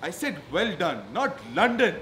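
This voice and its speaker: An actor playing an impatient, rude young customer in a restaurant, snapping demands and sounding exasperated. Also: male voice, high-pitched, very animated, a little fast, a bit bright. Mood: annoyed. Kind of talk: comedy sketch acting. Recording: roomy sound with background noise.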